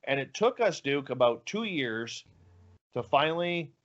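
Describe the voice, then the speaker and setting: A man's voice: medium pitch, big pitch swings, unhurried, highs cut off. A man telling a story as a guest in an interview, acting out the dialogue with animation. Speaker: guest, radio show host.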